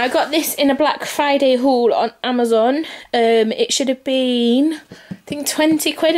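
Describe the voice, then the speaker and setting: A young woman, chatting casually to camera about gifts she bought, slightly out of breath, with many pauses and restarts. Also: medium pitch. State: a little out of breath. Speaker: vlogger showing Christmas gifts.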